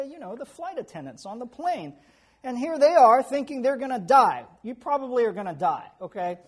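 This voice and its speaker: A man preaching a sermon who tells animated stories with chuckles and asides. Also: very high-pitched, husky. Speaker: pastor.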